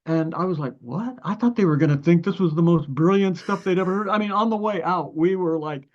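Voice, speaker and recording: A man's voice: sits high, quick pace, highs cut off. An older man from Ohio, a musician guest telling long stories full of restarts and fillers, acting out other people's lines as he goes. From Ohio, USA. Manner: rambling anecdotes with many restarts and fillers. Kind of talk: conversational storytelling.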